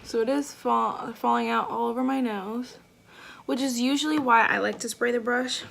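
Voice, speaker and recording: A woman's voice: a little high, fairly even intonation, normal speed, gravelly, fairly bright tone. A woman beauty vlogger chatting through a makeup tutorial at home, gushing and effusive, with lots of fillers. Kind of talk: casual makeup tutorial chat.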